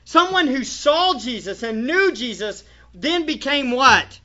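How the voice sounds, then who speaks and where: Bright-voiced preaching pastor, lo-fi. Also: male voice, very high-pitched, sing-song, a little slow. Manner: emphatic preaching with rhetorical questions. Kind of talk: sermon. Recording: dull lo-fi church recording.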